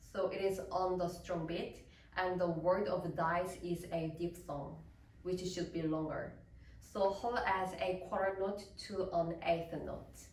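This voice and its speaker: Slow, careful woman lecturer in a hall. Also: lowish voice, a little hiss or hum. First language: Korean. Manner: deliberate, explanatory, reading prepared notes. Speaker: soprano giving a lecture recital. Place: recital hall. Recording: roomy, echoey hall with distant mic.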